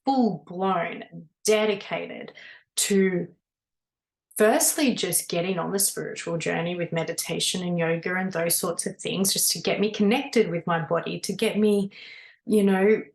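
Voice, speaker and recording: A woman, a spiritual mentor, telling her own story in an earnest, animated way with lots of casual fillers. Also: lowish voice, a little slow, vocal fry. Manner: earnest, animated, many "you know" fillers. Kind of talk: personal storytelling monologue. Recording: echoey room.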